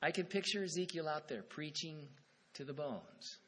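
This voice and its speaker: A husky-voiced man preaches a sermon, his voice sitting a little higher than most men's. He reads scripture with swelling emphasis, then drops into a relaxed, conversational aside to explain it. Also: normal speed. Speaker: pastor.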